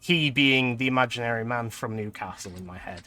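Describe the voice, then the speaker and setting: Young male streamer, bright clear tone, chatty, laughs a lot. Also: medium pitch, fairly quick, slight background noise. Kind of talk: casual gameplay commentary.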